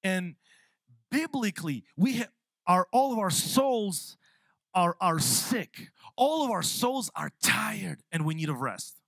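A young man preaching a sermon in a church on a microphone, lively and quick to laugh, often repeating his words as he goes. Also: high-pitched, no room sound. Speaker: pastor. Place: church sanctuary. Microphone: handheld or stand mic.

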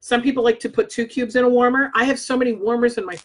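Talking at a quick pace with fairly even intonation, this slightly high-voiced woman reads scent descriptions for her casual product review vlog. She's an adult, married scent consultant using her own microphone, and she chats bluntly with casual swearing.

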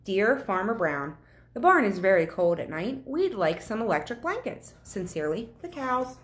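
A woman's voice: mid-range voice, big pitch swings, normal speed, close to an everyday voice. A woman reading as polite, demanding cows. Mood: politely firm. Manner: formal letter reading. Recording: echoey room.

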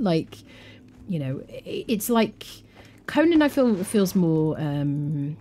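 A woman's voice: fairly low pitch, warm tone, a little hiss or hum. A woman streaming a game live, chatting loosely and answering her chat as she plays.

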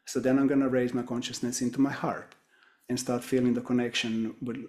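Calm man teaching with rhetorical questions. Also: medium pitch, a little fast. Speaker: webinar teacher. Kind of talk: teaching webinar talk.

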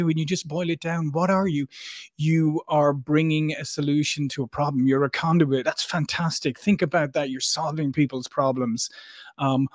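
A man hosting a sales podcast, talking enthusiastically with frequent restarts and quick affirmations. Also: a little high, dry recording, studio quality. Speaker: podcast host. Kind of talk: podcast interview.

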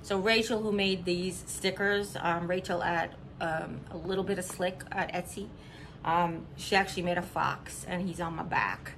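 A woman's voice: lowish voice, steady tone, moderate pace, noisy background. A middle-aged woman from Missouri chatting casually in a haul vlog, upbeat and giggly, with rambling asides. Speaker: vlogger.

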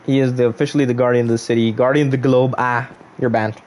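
A young man casually commentating his own game livestream, playful and animated as he jokes with viewers. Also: mid-range voice, fast talker. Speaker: streamer.

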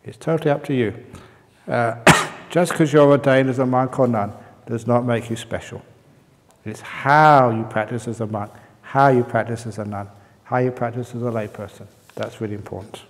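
A man teaching as a Buddhist monk, mid-pitched and easygoing, who answers questions with funny, meandering stories. His voice carries a long reverb from a meditation hall. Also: steady tone, normal speed. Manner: humorous storytelling, reads questions aloud.

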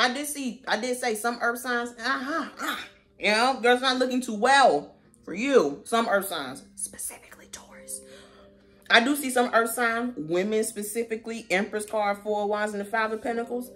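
A woman giving a casual tarot reading in a sassy, slangy manner with animated asides. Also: medium pitch. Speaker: tarot reader.

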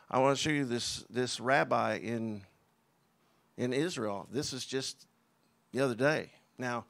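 A man's voice: mid-range voice, creaky. A man preaching a sermon, in an emphatic, conversational way with scoffing asides. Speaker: pastor.

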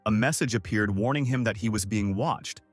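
A man's voice: lowish voice, moderate pace, no echo, faint music behind. A man narrating a comic recap in a scripted storytelling style.

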